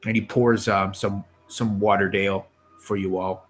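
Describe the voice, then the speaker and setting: A man narrating as game master of a tabletop game, talking with many pauses and fillers. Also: on the low side, little pitch movement, soft background music.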